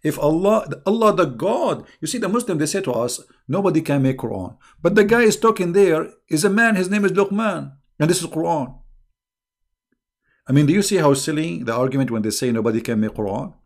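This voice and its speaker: Here the middle-aged debate host's voice sits on the high side, animated and fairly quick. He runs his casual online religion livestream with mockery and sarcasm, chuckling often.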